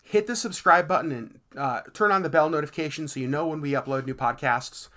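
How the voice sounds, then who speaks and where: A woman co-hosting a casual podcast, earnest and animated, who laughs easily. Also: low-pitched, a little fast. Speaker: podcast co-host. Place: lives in Alaska.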